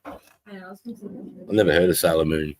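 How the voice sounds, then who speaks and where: A man's voice: extremely low pitch, fairly even intonation, moderate pace, a little hiss or hum, low-quality recording. A middle-aged Australian man hosting a casual live stream from his front porch, easygoing and sweary, greeting viewers by name. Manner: laid-back, sweary, greets chat by name. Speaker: livestream host.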